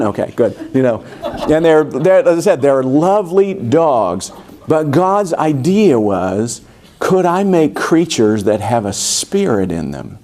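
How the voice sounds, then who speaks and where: In a church sanctuary, a man delivers a sermon in a dark, mid-range voice. This pastor keeps things informal, wandering into asides and starting sentences over.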